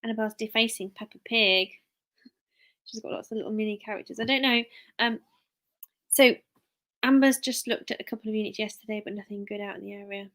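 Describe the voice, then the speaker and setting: A work-from-home mum chats casually on her live stream in a medium-pitched, fairly bright voice with fairly even intonation. She talks a little fast but leaves long pauses, rambling along, reading viewer names aloud and often stopping mid-sentence to start over.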